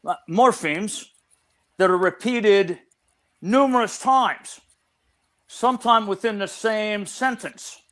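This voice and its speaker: A man's voice: high voice, takes it slowly, pauses often, fairly bright tone. An older man, a researcher guest in an interview, explaining at length and often restarting his phrases.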